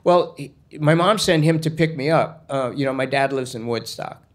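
A man's voice: medium pitch, moderate pace, natural voice. A man voicing an earnest young boy who rambles breathlessly in a raised voice. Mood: chatty.

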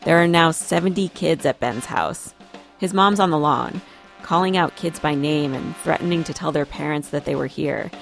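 Low, gravelly woman reporter narrating. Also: faint music behind. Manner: measured, storytelling delivery. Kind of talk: scripted radio narration.

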